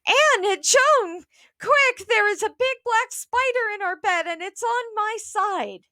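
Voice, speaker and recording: A woman reading aloud, voicing a frantic, petulant mother with high squealing and yelling. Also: animated, takes it slowly, no room sound, studio quality, heavily acted. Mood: squealing panic.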